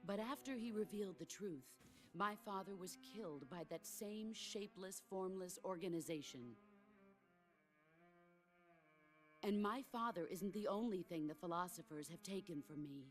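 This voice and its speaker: A legendary woman soldier from a video game, voiced by an actress, speaking with calm, measured gravity. Her voice sits somewhat low and steady, never rushing. Faint game music hums beneath her words. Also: natural voice. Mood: mournful. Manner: calm, measured, solemn delivery. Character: legendary female soldier, middle-aged, stoic and grave. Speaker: game character. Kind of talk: video game cutscene dialogue.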